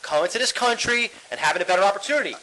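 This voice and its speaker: Ranting podcast co-host, bright voice, swears a lot, laughs easily. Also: male voice, sits high, lively intonation, very fast, rough recording. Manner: ranting, profane, laughs often. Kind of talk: casual podcast chat.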